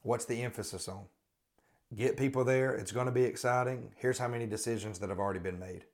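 Here a man hosts a podcast of critical religious commentary, pressing the same rhetorical questions again and again and repeatedly restarting sentences. His voice sits in the mid range, and he talks a little fast.

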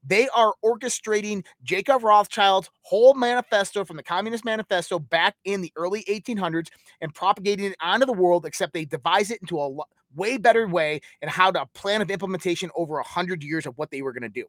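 Man with a high voice, dry close sound, rambling conspiratorial lecture, emphatic, full of rhetorical questions. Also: quick pace, a bit bright, no echo. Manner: rambling, piles up lists. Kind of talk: conspiratorial monologue.

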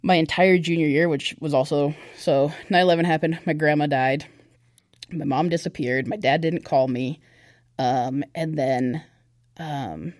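A woman's voice: low-pitched, fairly even intonation, a little slow, a little mellow, no room sound. Candid young woman telling her story, dry. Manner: candid and conversational, with many fillers. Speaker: podcast guest. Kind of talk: personal testimony in casual chat.

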